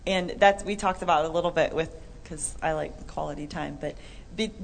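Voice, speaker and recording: A woman co-hosting a Christian talk show, chatty and animated, acting out little quotes. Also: low-pitched, moderate pace, vocal fry, a little hiss or hum. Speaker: co-host. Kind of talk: Christian podcast chat.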